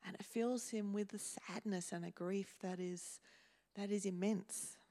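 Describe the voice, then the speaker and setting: Slow, measured woman preaching. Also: medium pitch, steady tone, warm tone. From Australia. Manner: slow and measured, with pauses and repeated words. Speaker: pastor. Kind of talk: sermon. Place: church hall.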